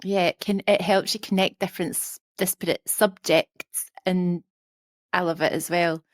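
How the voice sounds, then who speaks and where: A woman's voice: fairly low pitch, steady tone, normal speed, dry recording. Playful woman with a dry, close sound. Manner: playful, wordplay. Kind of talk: casual group chat.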